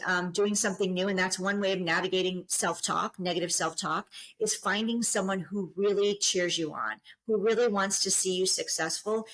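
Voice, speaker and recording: A woman's voice: medium pitch, a bit bright, low-quality recording. A middle-aged woman, a business coach, speaking as a guest on a podcast in an earnest, encouraging way, often repeating and restarting phrases. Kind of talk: podcast interview.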